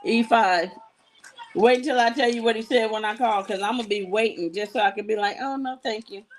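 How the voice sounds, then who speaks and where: A woman's voice: mid-range voice, steady tone, a little fast, slight background noise, rough recording. A woman hosting a live jewelry-selling show, chatting casually and telling sassy stories between items, with asides to her viewers. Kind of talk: casual live-stream chat.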